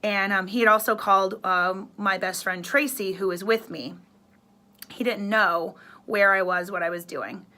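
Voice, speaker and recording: A woman's voice: medium pitch, unhurried, bright, forceful tone. A woman in her thirties, a radio host, telling a personal story in an earnest, emotional way.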